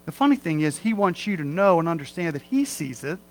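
A man's voice: a little high, very animated, fairly quick, slight background noise, rough recording. A middle-aged man preaching a sermon as pastor, in a folksy, conversational way with humorous asides.

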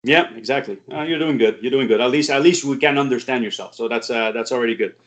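A French-speaking man from Quebec with a Quebec French accent, a karate teacher who is a guest and talks in a halting, frank, swearing way with many restarts. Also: medium pitch, a bit bright. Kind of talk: casual interview chat. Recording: muffled lo-fi audio.

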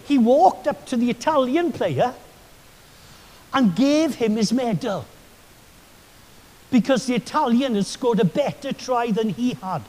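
A pastor with an extremely high-pitched, darkish-toned voice preaches a sermon. He tells enthusiastic, chatty stories packed with asides, and the hall he's recorded in has a long reverb.

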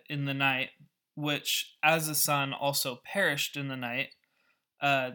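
A man reading a calm, questioning god. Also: on the high side. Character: calm questioning male deity.

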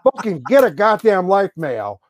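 A man's voice: sits high, sing-song, normal speed, a little hiss or hum. A man co-hosting a podcast, ranting angrily with lots of swearing and mocking impressions. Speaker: podcast co-host. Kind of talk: profane ranting podcast chat.

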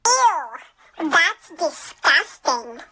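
A woman voicing a prissy, squeamish audience member who sounds disgusted, in a squeaky, drawn-out way. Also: sing-song, bright, forceful tone, soft background music, exaggerated voice.

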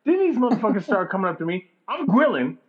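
A man with a fairly high, lively voice tells a long profane story over a dull lo-fi recording. He acts out the people in it as he goes, rising and dropping with each turn. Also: quick pace. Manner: animated, profane, mimics people in his story.

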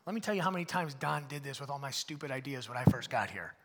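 A man preaching a conversational sermon in a church, swinging between loud bursts and hushed asides. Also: medium pitch, fast talker, long reverb tail. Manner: animated, swings from loud to hushed, acts out voices of others. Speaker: pastor.

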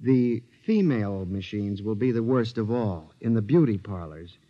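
A frantic paranoid office worker. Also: male voice, lowish voice, lively intonation, normal speed. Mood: feverish. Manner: agitated, pleading, rising to screams. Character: frantic paranoid man accused of murder. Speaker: narrator and lead character. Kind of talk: 1950s radio drama acting. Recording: dull old radio recording.

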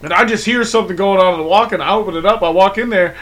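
A young man chatting casually on a podcast, telling stories quickly and with plenty of swearing. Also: sits high, a bit bright. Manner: quick, profane storyteller. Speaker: podcast co-host. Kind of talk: casual chat.

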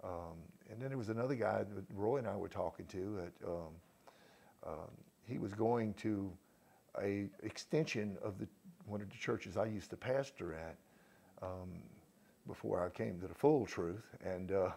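A man leading a church gathering as pastor, praying fervently and then recounting the day's outreach, with frequent praise words and halting restarts. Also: on the low side, creaky, warm tone. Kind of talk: prayer and church testimony.

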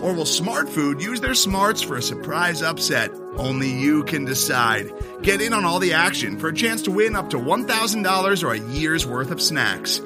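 A high, lively male announcer reads a sponsor spot with an upbeat promotional push. His pitch jumps around a lot, and clear music plays under the voice the whole time. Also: normal speed. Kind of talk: scripted ad read. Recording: music bed behind voice.

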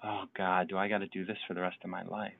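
A man hosting a casual chat, talking in a halting, reflective way with many fillers. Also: low voice, level tone, gravelly. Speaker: podcast host. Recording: tinny phone-like line, dry.

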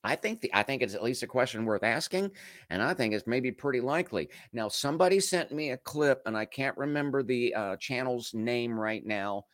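A man's voice: mid-range voice, animated, normal speed, a bit bright, no echo, clean studio sound. A man from Canada hosting a livestream, talking casually to his chat and firing off strings of rhetorical questions. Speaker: livestream host. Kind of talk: casual commentary to a live chat.

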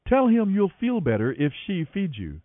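A man's voice: high voice, huge pitch swings, moderate pace, no echo, pitched above the performer's own voice. A man reading as a crafty, persuasive schemer. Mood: scheming. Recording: tinny phone-like radio line.

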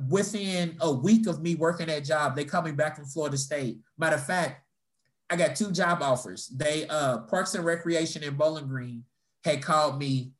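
A young man casually telling personal stories in conversation, swearing freely and acting out the people he quotes. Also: a little high. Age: young adult. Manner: animated storytelling, swearing, acting out quoted voices. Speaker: storyteller in a conversation. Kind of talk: casual chat.

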